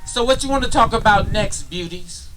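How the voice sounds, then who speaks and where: A man performing a spoken word poem at an outdoor park gathering, rhythmic and impassioned, rising at times to shouts. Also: high voice, moderate pace, a little hiss or hum, low-quality recording.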